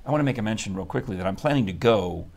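A man hosting a live studio talk show in a chatty, animated, teasing way. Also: on the low side, racing. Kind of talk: casual live-stream chat.

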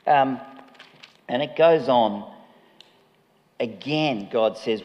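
A man's voice: fairly low pitch, measured pace, long pauses, a little mellow. A man preaching a chatty, humorous sermon, often laughing at himself. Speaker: pastor. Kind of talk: conversational sermon. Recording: long reverb of a large hall.

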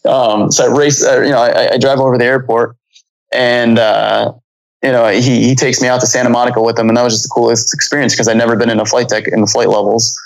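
A man's voice: mid-range voice, little pitch movement, fast, vocal fry, poor audio. A man in his thirties, a pilot, telling a long story in a casual interview, rambling with many fillers and restarts. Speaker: pilot guest.

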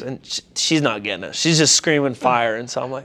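A man's voice: mid-range voice, animated, brisk, hardly any pauses, sharp tone. A young adult man, a pastor, telling a personal story casually in an interview and animatedly acting out quoted voices.

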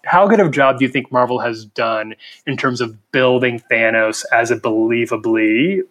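A man's voice: medium pitch, normal speed, a bit bright. A man hosting a casual podcast discussion, steering the talk and putting questions to his co-hosts. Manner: leads discussion, asks guests questions. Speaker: podcast host.

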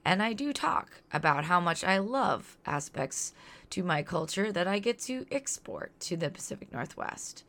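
Low-voiced woman narrating her podcast. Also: big pitch swings, measured pace, fairly bright tone. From Louisiana, near New Orleans. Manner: earnest, outspoken, reflective. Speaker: podcast host.

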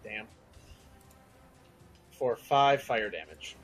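A man narrating a tabletop game as game master, in loose, halting speech full of fillers. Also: fairly low pitch, animated, faint music behind.

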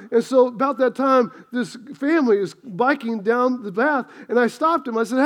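A man's voice: extremely high pitch, moderate pace, hardly any pauses. A middle-aged man, a pastor, preaching a sermon and telling a funny self-deprecating story about his marriage in a chatty way. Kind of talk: sermon with a humorous personal story.

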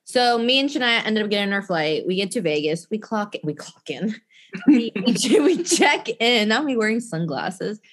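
A woman's voice: medium pitch, moderate pace. A young woman in her twenties telling a story to friends in casual chat, cursing freely and acting out what people said. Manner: animated storytelling, heavy swearing, acts out quotes.

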